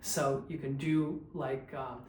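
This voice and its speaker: A man's voice: mid-range voice, slow pace. Man coaching diction in an echoey room. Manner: calm, explanatory, demonstrates drills aloud. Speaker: vocal coach. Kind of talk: instructional diction drills. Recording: roomy echo, faint background noise.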